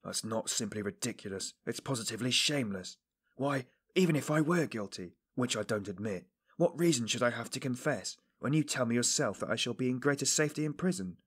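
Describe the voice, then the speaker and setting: A man voicing a weary, scornful young male student in an audiobook, speaking quietly and bitterly. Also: on the low side, moderate pace, few pauses, husky. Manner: subdued, bitter.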